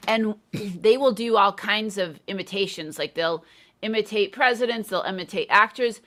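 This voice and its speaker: A middle-aged woman hosts a relaxed live conversation with a bright, forward tone at a medium pitch. She thinks aloud and softens her points with lots of fillers. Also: moderate pace. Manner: thoughtful, hedging with fillers. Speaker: host, English teacher. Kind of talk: casual live interview.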